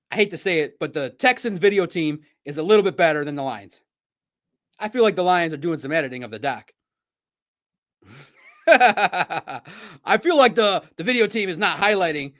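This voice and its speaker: A man hosting a sports podcast, telling stories in a chatty, animated way. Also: high-pitched. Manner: animated, chatty storytelling with laughs. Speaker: podcast host. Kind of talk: casual sports recap.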